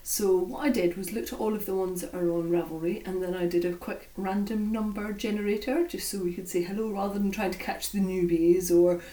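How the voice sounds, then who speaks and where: A woman with a Scottish accent co-hosting a podcast, speaking slowly and deliberately in a friendly, chatty way and laughing often. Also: mid-range voice, steady tone, warm tone. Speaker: podcast co-host. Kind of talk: casual podcast chat. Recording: roomy sound from a distant mic.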